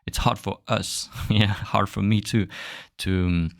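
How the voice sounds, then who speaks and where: A man with a French accent, a native French speaker, hosting a casual podcast lesson and repeating sounds aloud in a halting way. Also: on the low side, steady tone, vocal fry, no echo, clean studio sound. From France. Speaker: language teacher podcast host.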